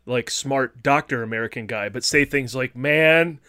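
A man in a casual film podcast chat, animated, often breaking into loud impressions of the star. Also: medium pitch, normal speed, clear, resonant tone, no echo, studio quality. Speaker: podcast co-host.

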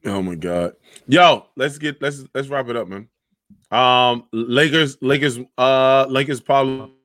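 A man chatting casually on a panel over a video call, animated and slangy, often restarting his sentences. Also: medium pitch, measured pace, no room sound. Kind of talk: casual podcast chat.

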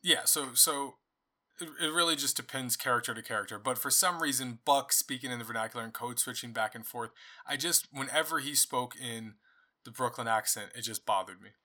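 Fairly quick and bright, this medium-pitched male voice carries a forceful edge. He's the host of a book club podcast giving a relaxed solo review of a novel, talking things through with plenty of restarts and side comments.

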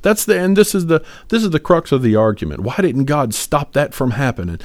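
A man's voice: on the high side, sing-song, brisk, dry recording. A man co-hosting a podcast, talking about faith in an earnest, rambling way with many fillers and restarts. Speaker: podcast co-host. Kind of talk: casual faith discussion.

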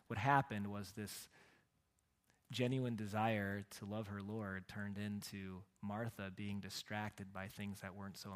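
Animated male pastor in a reverberant hall. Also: fairly low pitch. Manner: animated storytelling with humor, swings from loud to hushed. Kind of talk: sermon.

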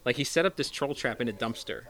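A man's voice: medium pitch, expressive, fast, a bit bright. A man co-hosting a casual movie podcast, retelling scenes with lots of laughter and silly voices. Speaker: podcast co-host. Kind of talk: casual movie review chat.

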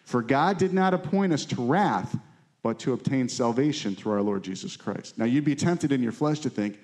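A man's voice: medium pitch, expressive, moderate pace, a little mellow. A married man preaching a sermon to his congregation, conversational and often checking in with his listeners. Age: adult, married. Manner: conversational preaching, frequent "right?" check-ins. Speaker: pastor.

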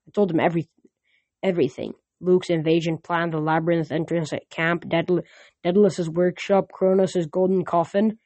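A man casually reading a novel aloud, halting with restarts, recorded on a phone lying nearby. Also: on the high side, darkish tone, dry recording. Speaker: audiobook reader.

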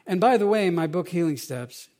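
Male pastor, middle-aged, high-pitched voice, animated conversational preaching style. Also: fairly quick. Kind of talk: sermon.

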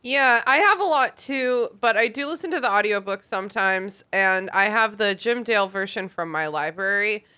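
A woman's voice: mid-range voice, moderate pace, few pauses. A woman co-hosting a podcast, chatting casually about a book and laughing often. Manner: giggly, chatty and animated. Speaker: podcast co-host. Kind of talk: casual book discussion chat.

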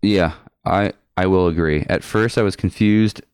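A man co-hosting a casual podcast discussion, asking measured questions. His voice is very low and smooth. The sound is dry and close. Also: a little mellow, dry recording. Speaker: podcast co-host.

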